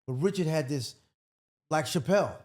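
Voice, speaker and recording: Comedian guest, mellow warm male voice, animated storyteller, casual podcast talk. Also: fairly high pitch, normal speed. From Washington, D.C. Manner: storytelling, acts out quotes loudly.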